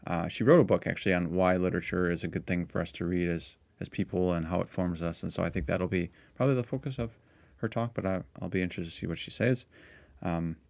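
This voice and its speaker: Deep gravelly man chatting on a podcast. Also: fast, no room sound. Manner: relaxed, laughs easily, talks in short restarts. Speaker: priest co-hosting a parish podcast. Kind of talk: casual chat.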